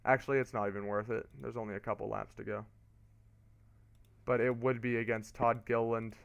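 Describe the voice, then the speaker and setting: A young man streaming a racing game, giving casual play-by-play commentary that turns excitable on restarts. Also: mid-range voice, brisk, creaky, smooth, lo-fi sound. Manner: excitable, rises to shouting on restarts.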